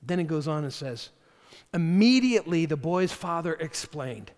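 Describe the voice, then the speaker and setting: A man preaching a sermon as pastor, animated and acting out the voices of the figures he quotes. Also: on the high side, normal speed. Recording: long hall reverb.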